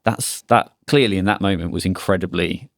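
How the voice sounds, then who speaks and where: A man's voice: sits low, brisk, gravelly, dry recording, studio quality. A man hosting a podcast, talking in a casual, empathetic way and often affirming his guest. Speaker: podcast host. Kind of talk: casual interview chat.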